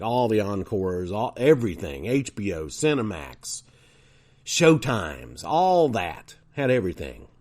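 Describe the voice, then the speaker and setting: A man's voice: on the low side, darkish tone. A man hosting a podcast, telling casual, chatty anecdotes in a monologue. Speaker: podcast host.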